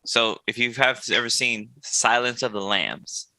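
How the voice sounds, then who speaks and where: A man co-hosting a casual podcast, laying out his view in a laid-back, explanatory way. His voice is very bright and forceful, recorded close and dry with no room sound. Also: mid-range voice, a little slow, dry recording. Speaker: podcast co-host.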